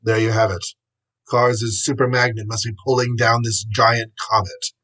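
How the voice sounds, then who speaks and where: Stern superhero leader, voiced by a man, firm, rallying, husky, storybook. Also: fairly low pitch, little pitch movement, moderate pace, a bit bright. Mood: serious. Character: stern male patriotic superhero team leader.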